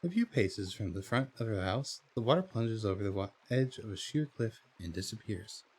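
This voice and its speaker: A man's voice: on the low side, animated, normal speed, a little mellow, breathy edge. A man playing a text adventure game, reading the story aloud and chatting about his choices. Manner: reads story text, then chats about choices with fillers and laughs. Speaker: game streamer.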